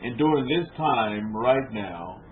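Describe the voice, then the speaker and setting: A man's voice: mid-range voice, expressive, takes it slowly. A man giving a rabbi's informal sermon to a small group in a room, asking his listeners rhetorical questions and repeating words as he goes. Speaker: rabbi teaching a congregation. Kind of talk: conversational sermon lecture. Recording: tinny phone-like lo-fi with faint noise.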